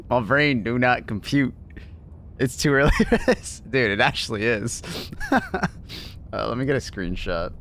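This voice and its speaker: A man's voice: medium pitch, moderate pace, fairly bright tone, slight background noise. A man chatting casually to his live-stream viewers in a laid-back, slangy way, laughing often.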